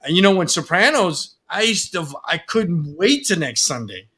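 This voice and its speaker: A man's voice: high voice, sing-song, moderate pace, bright, forceful tone, husky. A man hosting a casual talk show, rambling along with lots of "you know" and "uh". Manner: rambling, many fillers. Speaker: podcast host. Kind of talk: casual chat.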